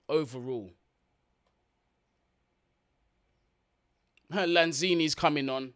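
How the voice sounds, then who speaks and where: This man, medium in pitch and moderate in pace, runs a football watch-along with straight-talking, slang-heavy live commentary. He curses openly and speaks right to the people watching.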